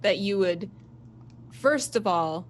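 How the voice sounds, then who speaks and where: A vain, commanding ship captain, as a woman puts her on, lecturing her crew with lofty, self-important phrasing. She talks at a mid pitch with faint hum behind her. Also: animated. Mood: haughty. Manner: haughty, measured and self-important.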